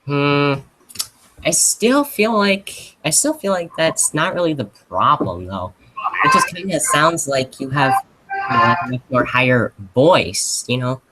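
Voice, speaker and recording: A teenage boy hosting a casual live Q&A stream, talking in a rambling, halting way with lots of fillers. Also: a little high, sing-song, pushed and bright, a little hiss or hum, rough recording. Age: teens.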